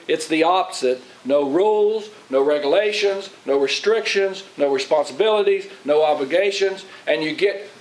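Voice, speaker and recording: A man's voice: on the high side, rough recording. A middle-aged man, a pastor preaching in a folksy, rambling way and asking his congregation questions. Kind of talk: sermon. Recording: faint hiss.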